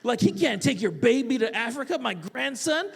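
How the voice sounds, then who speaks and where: A man, a teacher, telling a personal story live on a theatre stage, animated and casual, swinging between loud bursts and quiet asides. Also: extremely high pitch, moderate pace, creaky, slightly rough. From United States. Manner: casual, with frequent "like" fillers.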